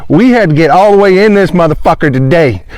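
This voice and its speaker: A man's voice: sits high, animated, fast, darkish tone, no echo, studio quality. A man delivering an angry, profane rant outdoors, repeating insults at his listeners. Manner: furious, swearing, repeating insults. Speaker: online commentator. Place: outdoors in a pond.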